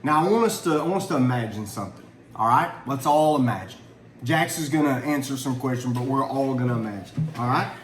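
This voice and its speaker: A man's voice: mid-range voice, lively intonation, brisk, slight background noise. A middle-aged man leading a family Bible lesson, earnest and conversational, asking questions as he teaches. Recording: echoey room, faint ambience.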